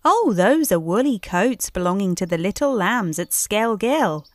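A woman's voice: mid-range voice, animated, a little slow, no room sound, lightly acted. A woman voicing a small, anxious, polite hedgehog washerwoman in a storybook, with eager-to-please chatter. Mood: busy. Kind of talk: storybook character voice.

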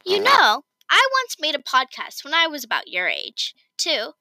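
A woman's voice: sits high, huge pitch swings, moderate pace, sharp tone, full character voice, low-quality recording. A woman voicing a kind, encouraging mom. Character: kind, supportive mother, adult woman.

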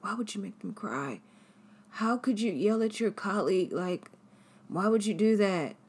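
A woman voicing an indignant onlooker who scolds someone in a shrill, exasperated way. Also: expressive, a little slow, darkish tone, slightly rough, exaggerated voice. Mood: accusing.

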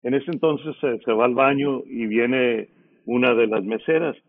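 Middle-aged radio DJ, phone-like sound. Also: male voice, medium pitch, moderate pace. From San Antonio, Texas. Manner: lively storyteller, acts out others' lines. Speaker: radio DJ, interview guest. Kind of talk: casual storytelling.

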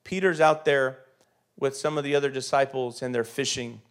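A middle-aged man giving a conversational sermon, emphatic, swinging between loud urging and soft confiding. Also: mid-range voice, steady tone, normal speed. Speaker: preacher.

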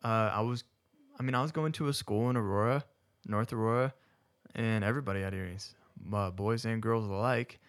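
A man's voice: fairly low pitch, fairly quick. A man co-hosting a casual discussion who rambles, corrects himself mid-sentence and laughs often.

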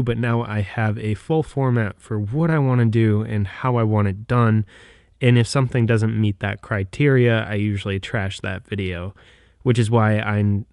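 Hesitant young man, low dry voice. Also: darkish tone, no echo. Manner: hesitant, frequent restarts and self-corrections. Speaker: podcast host. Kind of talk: casual solo podcast monologue. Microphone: microphone.

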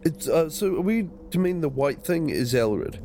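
A man's voice: fairly high pitch, expressive, normal speed, warm tone, slight background noise. A man playing a tabletop game, asking hesitant questions in casual chat. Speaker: player. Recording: music playing underneath.

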